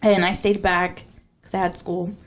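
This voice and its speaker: A young woman co-hosting a podcast, telling a story in a casual, animated way with lots of fillers and laughter. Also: fairly low pitch, normal speed. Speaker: podcast co-host.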